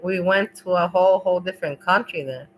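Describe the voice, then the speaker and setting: A woman's voice: fairly low pitch, brisk, a little hiss or hum, rough recording. Rambling, emotional woman streamer. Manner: rambling, emotional, swears freely. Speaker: livestream host. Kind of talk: casual livestream chat.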